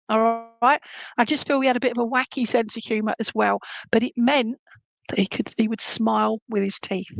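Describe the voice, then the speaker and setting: A woman giving live psychic readings to viewers, chatty and animated, humming tunes and relaying messages as she goes. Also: on the high side, creaky, no room sound.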